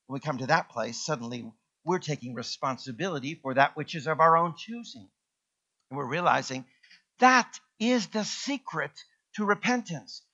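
A man preaching a sermon as minister, animated and emphatic, firing off rhetorical questions to his congregation. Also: sits high, lo-fi sound.

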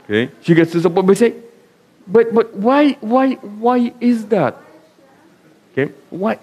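Lively preaching man, higher voice. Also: a little slow, husky. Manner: conversational, asks the audience questions, tells anecdotes; sprinkles Arabic phrases. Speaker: imam giving a talk. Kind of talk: sermon.

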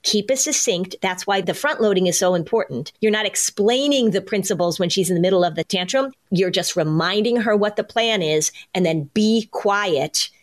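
A woman's voice: mid-range voice, normal speed, few pauses. A middle-aged woman hosting a parenting podcast, giving advice in casual chat and acting out what parents and kids might say. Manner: animated, acts out parent and child lines. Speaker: podcast host, parenting anxiety expert.

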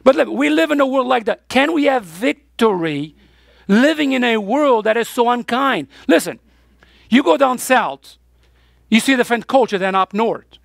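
Woman pastor, sermon delivery, gravelly texture, question-and-answer emphasis, dry close sound. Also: a little high, animated, moderate pace, no room sound. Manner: emphatic call-and-response questions. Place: church.

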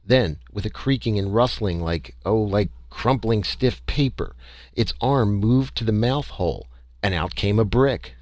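A man reads a story aloud in a measured, first-person storytelling manner. His voice sits on the low side. It is captured on a close mic with a dry, dead sound. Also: darkish tone, no echo. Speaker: audiobook narrator. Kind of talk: scripted audiobook narration.

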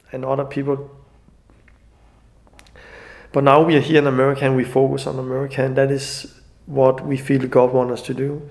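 Gravelly, tearful man, earnest and halting. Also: mid-range voice, a little mellow. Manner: earnest, halting, non-native phrasing. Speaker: evangelist. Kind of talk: emotional personal video message.

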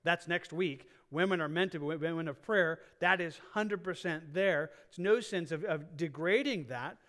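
Preaching earnestly from a church pulpit, this male pastor has a slightly high, bright, forceful voice. He keeps restarting and repeating phrases, stretching out the words he wants to stress.

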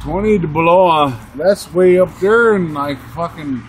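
A young man putting on a drunk, rambling grown man who talks slowly and halts over many fillers, as a comic impression among friends. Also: fairly high pitch, a little hiss or hum, natural voice.

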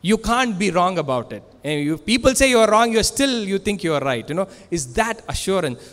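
A man's voice: high-pitched, sing-song, moderate pace, few pauses, fairly bright tone, long reverb tail. A man preaching a sermon in earnest, emphatic, repetitive phrases, recorded in a church. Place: church sanctuary.

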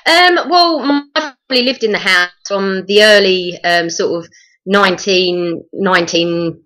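Bright-voiced woman author. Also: mid-range voice, unhurried. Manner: friendly, rambling, many ums. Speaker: author guest. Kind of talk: interview.

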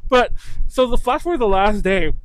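A young man with a high, very lively voice that swoops up and down as he talks. He co-hosts a casual podcast chat, telling rambling stories full of swearing and laughter. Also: brisk, dry recording, poor audio. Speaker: podcast co-host.

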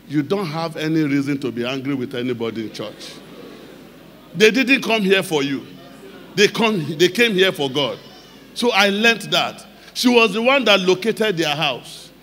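A man with a Nigerian accent preaching a personal testimony to a congregation, telling the story and breaking into shouted emphasis. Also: fairly high pitch, expressive, normal speed. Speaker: pastor. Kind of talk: sermon testimony. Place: large church hall. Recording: echoey church hall with faint noise.

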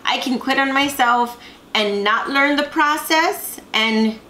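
A woman's voice: sits high, slow, bright, forceful tone, slight background noise. A young woman from Texas, talking to her camera at home in a casual vlog, rambling with lots of fillers. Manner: talkative, rambling with many fillers. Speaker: vlogger. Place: room at home. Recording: echoey room, faint music behind.

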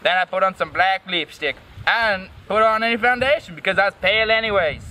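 High bright-voiced man reading aloud. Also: fairly quick. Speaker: host reading a fan story aloud. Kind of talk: comic dramatic reading.

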